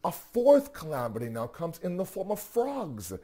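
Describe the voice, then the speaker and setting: A man telling a religious story in a sermon, animated, asking rhetorical questions and often restarting his sentences. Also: fairly high pitch, normal speed, breathy edge. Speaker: religious teacher.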